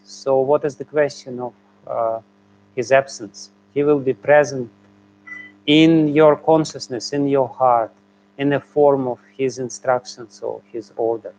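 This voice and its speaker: A man's voice: mid-range voice, steady tone, a little slow, darkish tone, slight background noise. A man, a spiritual teacher, answering a question with a hesitant, chuckling manner and many fillers.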